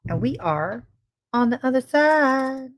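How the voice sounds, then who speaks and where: A woman's voice: sits high, lively intonation, takes it slowly. A woman co-hosting a casual livestream podcast, bubbly and rambling, laughing often as she chats and greets viewers. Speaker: podcast co-host.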